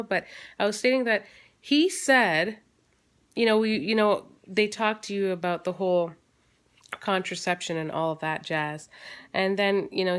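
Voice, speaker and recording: A woman's voice: mid-range voice, a bit bright, smooth. A woman in her thirties, a mother and vlogger, chatting casually to camera at home with lots of fillers and restarts. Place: at home, holding her baby.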